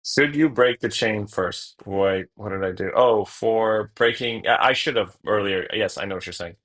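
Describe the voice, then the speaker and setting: At a normal pace and in a lowish, somewhat bright voice, a young man talks through a card game he's streaming. His commentary is jokey and casual, with muttering and the odd swear word.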